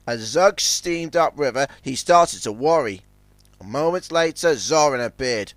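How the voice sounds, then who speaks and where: A man narrating a children's storybook in a lively, expressive reading style. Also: mid-range voice, a little slow, no room sound.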